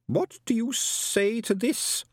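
A man voicing a curious, thoughtful male alien scholar who speaks slowly and carefully. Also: very high-pitched, no echo, studio quality, pitched above the performer's own voice, full character voice. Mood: inquiring. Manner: slow, lifted and careful.

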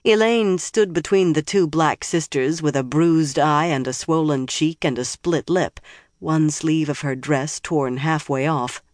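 An audiobook narrator reads fantasy prose at a steady, measured pace. The voice sits in the middle register and is recorded close and dry, with no room sound. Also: mid-range voice, dry recording.

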